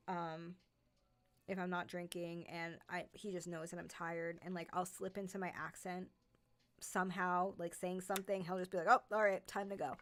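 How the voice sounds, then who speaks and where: The host of a horror narration channel chats casually with viewers on a livestream. She has a low-leaning voice, a light New York accent, and plenty of "like" and "um" fillers, with slight background noise.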